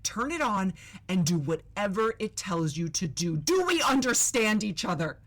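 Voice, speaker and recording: A woman's voice: mid-range voice, very animated, moderate pace, fairly bright tone. A woman playing a stern commanding woman. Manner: blunt, commanding.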